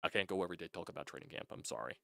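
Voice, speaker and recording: A young man vents in a loose, frustrated fan rant, restarting words and swearing as he goes. His voice sits very low. The recording is dry and close, with no room echo. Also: animated, racing, creaky, sharp tone. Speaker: sports channel host.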